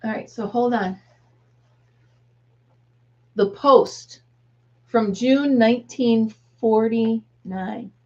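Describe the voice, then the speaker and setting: A woman's voice: on the high side, takes it slowly, few pauses, warm tone, dull audio. A woman in her fifties, a grandmother, hosting a casual live chat with viewers, rambling and laughing often. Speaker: livestream host.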